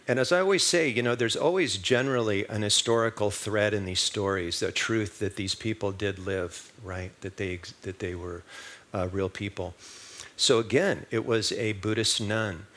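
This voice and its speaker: A man's voice: on the low side, fairly bright tone. A man giving a sermon at a church service, telling a story in a conversational way and putting rhetorical questions to the congregation. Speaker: minister.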